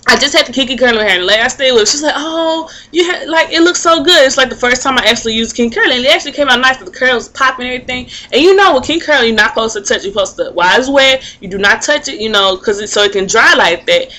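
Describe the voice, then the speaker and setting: Young woman, casual vlog, bright voice, rambling, many fillers. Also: fairly high pitch, poor audio. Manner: rambling, animated storytelling with many fillers and restarts. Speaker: vlogger. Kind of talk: casual talking-to-camera vlog.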